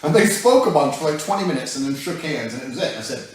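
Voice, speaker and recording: A man tells a rowdy anecdote with lots of swearing. His pitch leaps up and down as he goes. He sounds far from the mic, in a very echoey room. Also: quick pace. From England. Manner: animated, profane storytelling that breaks into laughter. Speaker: guest telling a story. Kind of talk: casual anecdote.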